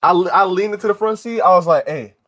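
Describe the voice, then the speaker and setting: A man's voice: high voice, fast talker, a little hiss or hum. Slangy young man telling a story. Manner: animated, slangy, acts out quoted lines. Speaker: podcast co-host. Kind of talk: casual storytelling chat.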